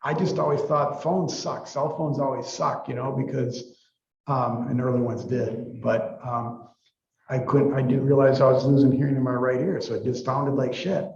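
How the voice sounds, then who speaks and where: A man's voice: medium pitch, steady tone, moderate pace, creaky, darkish tone, echoey room, muffled recording. A man giving a university psychology lecture in a casual, rambling way, full of fillers and restarts. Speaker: psychology professor.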